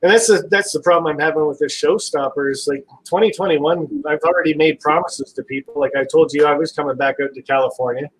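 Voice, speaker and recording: A man's voice: on the high side, quick pace, hardly any pauses, slightly rough, low-quality recording. A man with a Canadian accent hosting a casual live stream chat, easygoing and jokey.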